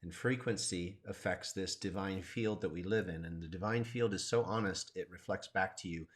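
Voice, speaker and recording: A man teaching a qigong lesson on a live stream, explaining calmly and guiding the listener step by step. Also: low-pitched, normal speed. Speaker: qigong instructor.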